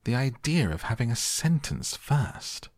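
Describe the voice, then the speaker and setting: A man's voice: mid-range voice, big pitch swings, unhurried, a little mellow, no echo, studio quality, pitched above the performer's own voice. A man raising his voice to read the lines of a bold, indignant young girl. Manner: indignant, outspoken.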